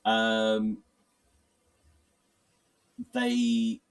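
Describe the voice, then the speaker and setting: A man's voice: lowish voice, big pitch swings, drawn-out words, creaky, smooth, distant mic. A man running a tabletop horror game as game master, often hesitating and restarting sentences.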